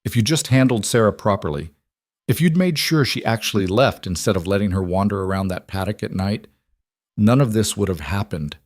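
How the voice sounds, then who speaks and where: A man voicing a cold, treacherous male ranch hand with a gun, speaking calmly and bitterly. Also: on the low side, fairly quick, no echo, close to an everyday voice.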